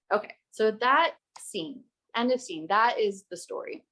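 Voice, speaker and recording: A woman's voice: medium pitch, expressive, unhurried, pushed and bright. A young woman hosts a podcast and recounts a story in a fired-up, emphatic voice. She talks casually, curses without holding back, and keeps the telling intense. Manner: heated, emphatic, swears freely. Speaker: podcast host.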